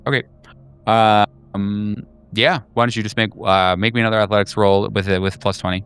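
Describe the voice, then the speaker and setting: A man's voice: brisk, clear, resonant tone. A man narrating as game master of a tabletop horror game, hesitant and full of fillers. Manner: hesitant, many fillers and restarts, lively pitch.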